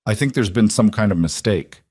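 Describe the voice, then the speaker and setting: A blunt, terse mountain man, as a male narrator gives him a voice, speaking low and keeping it short. He sounds wary and plain-spoken. The sound is close and dry. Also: normal speed, a little mellow, husky, no echo.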